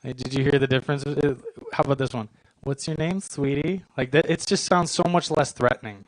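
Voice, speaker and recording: This twenty-something comic works a club stage, dry and self-mocking, landing quick, short punchlines. He talks at a fast clip in a mid-range voice; there's no echo, but the audio is rough.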